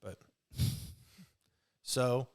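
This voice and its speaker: A young man co-hosting a casual podcast, joking and rambling through stories. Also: very slow. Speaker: podcast co-host. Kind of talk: casual chat.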